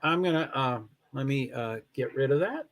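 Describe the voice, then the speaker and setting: Rambling man hosting a live stream. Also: mid-range voice. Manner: rambling, halting and self-correcting. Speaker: livestream host. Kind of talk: casual commentary on a live stream.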